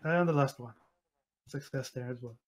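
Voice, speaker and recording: A man's voice: mid-range voice, moderate pace. A man playing a tabletop game, muttering while he checks and reports his rolls. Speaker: player. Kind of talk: tabletop role-play, reporting dice rolls.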